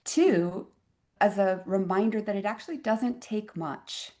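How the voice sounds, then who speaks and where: A woman physician in her fifties, a podcast guest telling a personal story in a reflective, expressive way with wry asides. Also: medium pitch, unhurried. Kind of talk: conversational interview storytelling.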